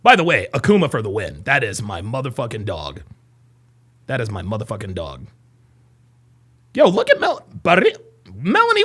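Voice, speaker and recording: A man's voice: lowish voice, huge pitch swings, moderate pace, long pauses, fairly bright tone, breathy edge. A man hosting a live stream, reacting to clips with exasperated, profane commentary.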